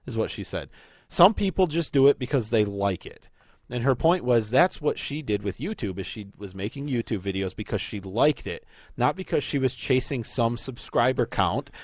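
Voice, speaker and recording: A man co-hosting a casual talk show, pitch rising and falling a lot as he makes opinionated, nitpicking points. His voice is close and dry, with no room sound. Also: expressive, moderate pace, dry recording. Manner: opinionated, calls himself a pedant. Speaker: podcast co-host. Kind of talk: casual chat.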